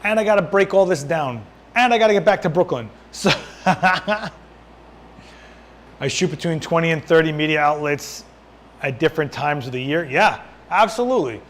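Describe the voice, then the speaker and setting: A man hosting a casual live-stream Q&A as a photographer, answering viewer questions while he adjusts his lights, his voice worn and going hoarse. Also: on the high side, normal speed, pauses often, a little hiss or hum. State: losing his voice.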